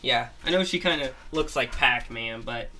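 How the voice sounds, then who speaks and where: A man's voice: mid-range voice, normal speed, sharp tone, soft background music. A man casually retelling a monster story of his own, rambling with frequent restarts and fillers, at home with his grandmother nearby.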